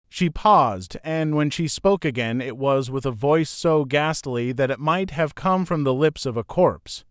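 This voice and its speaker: A man narrating a gothic audiobook in an expressive storytelling manner. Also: fairly high pitch, a little slow, hardly any pauses, dry recording, studio quality. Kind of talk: scripted narration.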